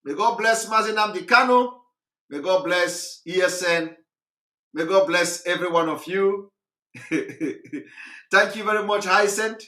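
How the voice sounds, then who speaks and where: Hoarse, forceful man. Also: sits high, a little slow, long pauses, reverberant. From Nigeria. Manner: repetitive, laughing, emphatic. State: hoarse, recovering voice. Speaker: host of a live broadcast. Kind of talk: live address to followers.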